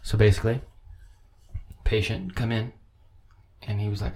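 A man's voice: lowish voice, level tone, moderate pace, long pauses, dark tone. A man co-hosting a casual comedy podcast, swearing freely and acting out characters in his stories. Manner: profane, acts out silly voices in stories. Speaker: podcast co-host.

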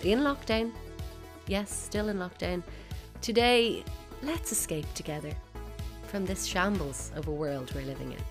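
A woman's voice: lowish voice, a little slow, faint music behind. A woman with an Irish accent hosting a comedic podcast from her bedroom, wry and mock-indignant. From Ireland. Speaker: podcast host. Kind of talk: scripted comedic podcast monologue. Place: bedroom at home.

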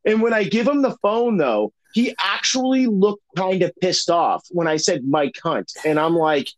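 A young man tells a story in loose conversation. His voice sits high for a man, and he rambles, swears often, and keeps restarting his sentences with fillers. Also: expressive, normal speed, rough recording. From Massachusetts. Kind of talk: casual storytelling chat.

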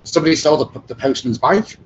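A man's voice: fairly high pitch, expressive, fast talker, slight background noise. Chatty English man, dull lo-fi audio. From England. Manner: chatty, anecdotal storyteller. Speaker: host, brass band trombonist. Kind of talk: casual chat.

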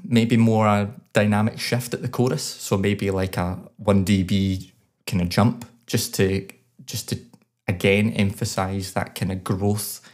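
Deep-voiced man reviewing a song. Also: darkish tone. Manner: enthusiastic, detailed feedback with frequent restarts. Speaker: podcast co-host. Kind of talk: casual chat reviewing songs.

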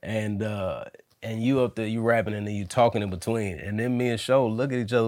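Male host, casual and slangy, reflective, lower pitch, dry studio sound. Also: steady tone, brisk, darkish tone, no echo. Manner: laid-back, slangy, reflective. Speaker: podcast host. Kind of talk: casual chat.

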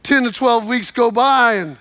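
A man's voice: very high voice, measured pace, fairly bright tone, no room sound. A man preaching a sermon, retelling stories dramatically and exhorting his listeners.

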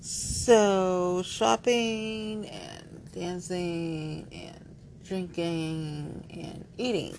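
A woman's voice: fairly low pitch, animated, drawn-out words, a little mellow, slight background noise, low-quality recording. A woman chatting candidly to camera, rambling and playful, frank and a little giggly, with lots of "like.". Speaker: vlogger. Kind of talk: candid casual chat to camera.

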